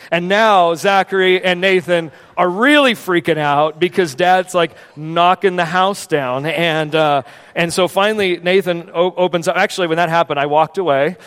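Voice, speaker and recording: A man preaching a sermon in a church, telling a personal story in an animated, conversational way. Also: sits high, normal speed, clean tone. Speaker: pastor. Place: church sanctuary. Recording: long hall reverb.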